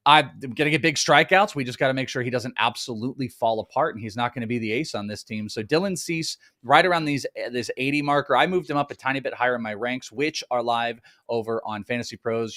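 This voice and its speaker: A man's voice: medium pitch, a bit bright, no echo. Man co-hosting, dry close sound. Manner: playfully impatient, joking. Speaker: fantasy baseball analyst, co-host. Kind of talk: casual live-stream draft chat.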